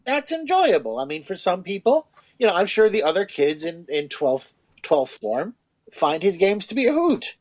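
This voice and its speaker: A man's voice: high voice, sing-song, normal speed. A man co-hosting a podcast, chatting casually about tabletop game spells with sardonic, mocking quips. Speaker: podcast co-host.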